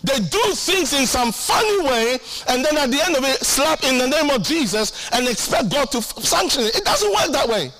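High, bright-voiced animated preacher man. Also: normal speed, few pauses, a little hiss or hum. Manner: animated, emphatic preaching with repeated lines; humorous asides acting out his own prayers. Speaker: pastor. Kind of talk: sermon.

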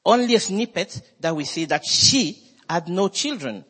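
A male preacher with a fairly high, husky voice delivers a sermon with emphatic swings in his delivery. He speaks in a church hall, and a long reverb trails his words. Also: lively intonation, moderate pace, a bit bright. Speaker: pastor.

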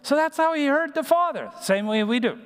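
A man preaching a numbered sermon, pausing with fillers and restarting phrases. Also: very high-pitched, expressive. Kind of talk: sermon teaching. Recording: long hall reverb.

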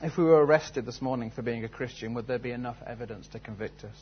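A man's voice: mid-range voice, quick pace, breathy edge, dull audio. A man preaching a sermon, telling a story and then asking earnest, searching questions. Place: church service.

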